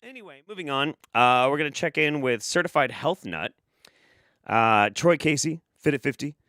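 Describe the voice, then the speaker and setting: A man's voice: a little high, expressive, normal speed, pushed and bright, dry recording, studio quality. A man hosting a casual commentary show, sarcastic and rambling, swearing often. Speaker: host.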